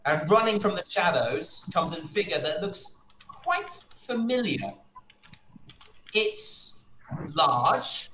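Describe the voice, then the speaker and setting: A man narrating as game master in a tabletop game, pausing often with fillers. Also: fairly high pitch, very animated, roomy sound, background noise. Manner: halting, filler-heavy narration.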